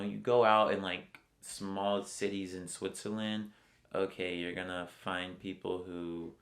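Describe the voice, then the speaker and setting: Slow gravelly American man. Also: low voice. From United States. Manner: rambling, fills with "like" constantly. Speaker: interviewee, traveler. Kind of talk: casual interview chat.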